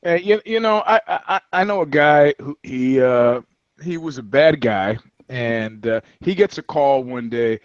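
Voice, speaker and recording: A man's voice: mid-range voice, expressive, measured pace, smooth, no room sound. A man co-hosting a podcast in casual banter, a profane storyteller who rambles through anecdotes. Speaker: podcast co-host. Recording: slightly dull dry audio.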